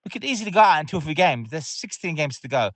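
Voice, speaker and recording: A man's voice: fairly high pitch, very animated, quick pace, a bit bright, dry recording. A man leaving an angry voicemail to a football podcast, ranting and swearing, fuming. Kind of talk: angry fan voicemail rant.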